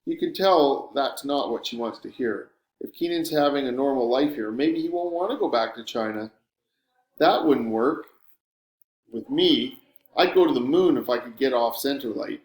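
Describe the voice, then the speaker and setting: A man's voice: medium pitch, animated, normal speed. A man reading a first-person audiobook narration in a sardonic, wry storytelling manner. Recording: roomy room echo.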